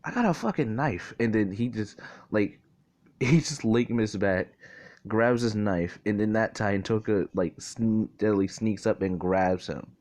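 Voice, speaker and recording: A young man with a somewhat low voice, casually telling a made-up fan story. He rambles, drops curse words freely and keeps stopping to correct himself. The delivery is loose and unscripted. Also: steady tone, a little slow, a little mellow. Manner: rambling, profane, self-correcting.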